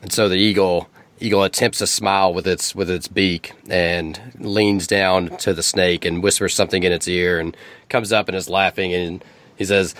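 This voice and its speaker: A man narrating as game master, relaxed and halting, often restarting his sentences. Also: deep voice.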